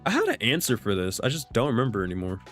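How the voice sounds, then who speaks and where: A man's voice: mid-range voice, wildly swooping pitch, very fast, a bit bright. Young male streamer, casual Q&A, rambling, restarts, cusses, faint music behind. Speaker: streamer and game master. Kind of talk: casual livestream Q&A.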